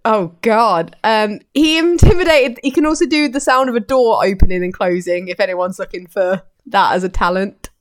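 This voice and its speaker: A woman's voice: medium pitch, normal speed, few pauses. A woman co-hosting a casual podcast, chatty and giggly as she reads out odd news stories. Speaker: podcast co-host.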